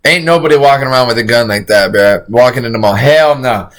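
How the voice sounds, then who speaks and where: A man's voice: medium pitch, fast talker, fairly bright tone. A man streaming a casual reaction, rambling in slangy, profane talk and saying "bro" constantly. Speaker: streamer reacting to a crime video.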